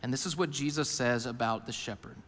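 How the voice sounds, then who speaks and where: A male pastor preaching a sermon, who moves between hushed, intimate lines and loud, emphatic ones and often speaks in the first person as the people he describes. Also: mid-range voice, fairly quick, slight background noise. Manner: voices Jesus and worried listeners in first person. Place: church auditorium. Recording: long hall reverb.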